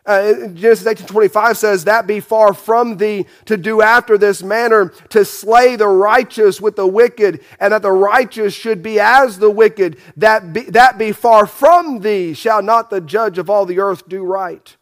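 A man with a high voice preaching a sermon. He talks emphatically, fires off rhetorical questions and often restarts his phrases. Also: a little slow, hardly any pauses. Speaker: pastor.

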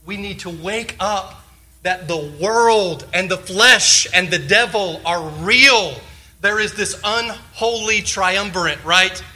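A man's voice: high voice, bright, forceful tone, low-quality recording. A male pastor preaching a sermon, firing off rhetorical questions and repeating short phrases for emphasis. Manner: leans on short repeated exhortations.

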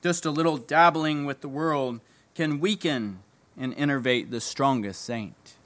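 A man preaching a sermon, emphatic, repeating key phrases and dropping low at the ends of lines. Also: unhurried, a bit bright.

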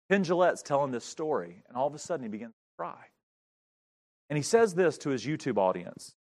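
A man's voice: on the high side, big pitch swings, a little fast, a little mellow. A man preaching a sermon in church as a visiting pastor, telling a story with emphasis.

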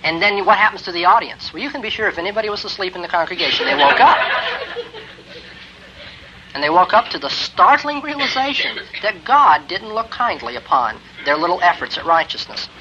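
An emphatic male lecturer with a bright, forceful voice, pitched a little high. He drives his points home with rising, forceful emphasis. The recording is a dull, lo-fi tape with a faint hiss. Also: expressive, brisk. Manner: emphatic, builds to forceful exclamations. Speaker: theology lecturer. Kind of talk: classroom lecture on Christian ethics.

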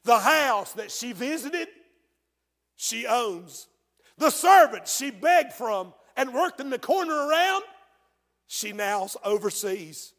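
A man preaching a sermon as pastor. He tells the story in hushed tones and then bursts into shouts. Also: extremely high pitch, animated, measured pace. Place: church. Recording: long reverb of a church hall.

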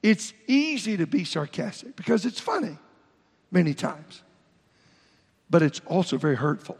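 A pastor preaches in a gravelly, husky voice that sits high for a man. He reads scripture aloud and often stops and restarts his sentences. The long reverb of a church hall trails after each phrase. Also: very animated, moderate pace, darkish tone. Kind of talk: sermon.

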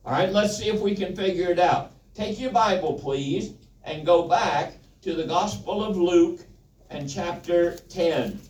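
A man's voice: sits high, measured pace, a little mellow. A man preaching a Bible lesson, with a folksy, joking manner, asking the congregation questions. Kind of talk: sermon, Bible teaching. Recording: roomy, from a distance.

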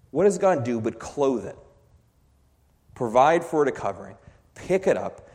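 A man delivers a sermon with passion, his voice leaping from soft and low to loud and high. His pitch moves a great deal as he presses each point. The sound carries a long reverb from a large hall. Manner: impassioned, swings from quiet to loud emphasis. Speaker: preacher.

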